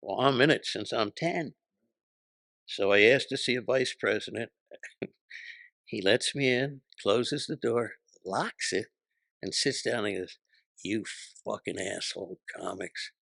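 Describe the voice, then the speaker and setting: A man's voice: medium pitch, a little slow, creaky, pauses often, a bit bright, no room sound. An older man, a comedian guest, telling punchy, profane anecdotes and acting out voices in an interview. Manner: punchy, profane, acts out voices in his stories.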